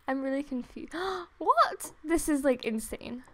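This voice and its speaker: A young woman doing excited gameplay commentary, gasping, laughing and gushing near tears into a desktop microphone at home. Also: high-pitched, slow pace, pauses often. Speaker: gaming vlogger. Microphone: desktop USB microphone.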